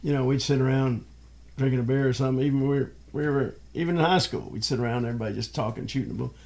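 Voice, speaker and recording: A man's voice: mid-range voice, very fast, creaky, a little mellow. An older man chatting casually as a podcast guest, telling rambling stories and often restarting his sentences. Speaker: guest, father of the host. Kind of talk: casual chat.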